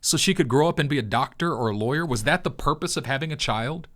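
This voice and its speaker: A man's voice: mid-range voice, fairly bright tone. Earnest man telling a heartfelt story. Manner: earnest, preacher-like storytelling with long pauses. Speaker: crypto video host. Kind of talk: heartfelt personal talk.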